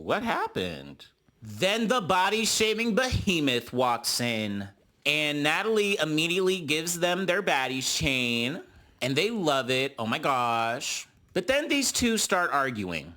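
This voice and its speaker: A man giving a sassy, gossipy recap of a reality TV episode, calling his listeners honey and girl. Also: sharp tone. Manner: mimics cast members in high voices. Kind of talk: casual recap commentary.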